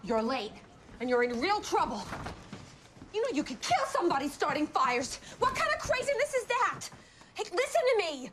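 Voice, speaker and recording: An actress playing a weary, nervous working-class waitress and mother who talks in a nervy, sharp-tongued way. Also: mid-range voice, animated, a little fast, close to an everyday voice. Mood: scolding. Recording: film soundtrack with music and hiss.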